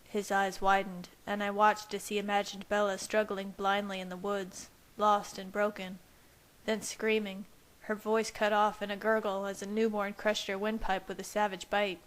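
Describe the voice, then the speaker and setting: A woman reading fanfiction aloud as first-person narration in a steady, even manner. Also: mid-range voice, moderate pace, low-quality recording. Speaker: fanfiction reader. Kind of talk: audiobook-style narration.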